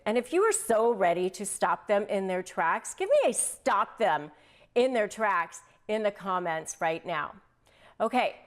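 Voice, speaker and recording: Middle-aged woman giving advice to camera, lively, acts out the lines she quotes. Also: mid-range voice. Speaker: host. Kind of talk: direct-to-camera advice talk.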